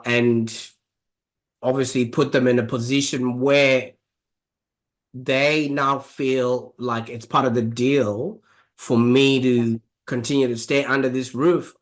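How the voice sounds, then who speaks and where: A male podcast host with a mid-pitched voice asks long, winding questions, filling pauses and restarting his sentences as he works toward the point. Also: fairly even intonation, fairly bright tone. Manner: rambling, many fillers and restarts. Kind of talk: interview questions.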